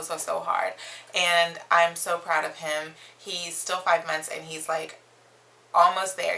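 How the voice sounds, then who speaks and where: A woman's voice: on the low side, vocal fry, pushed and bright, low-quality recording. A young woman chatting to camera as a mom vlogger, reading questions from her phone with lots of ums. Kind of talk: casual chat to camera.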